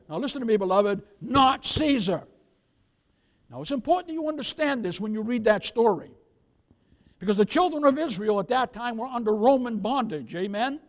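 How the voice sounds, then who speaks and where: With a very high voice, a male pastor gives a sermon in which he refers to his listeners as "beloved," alternating forceful, loud points with softly spoken asides.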